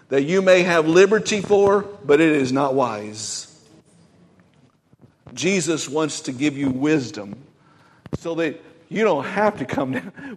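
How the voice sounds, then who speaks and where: A man preaching a Pentecostal sermon, emphatic, swinging from loud exclamations to quiet asides. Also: on the high side, long reverb tail, slight background noise. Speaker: pastor.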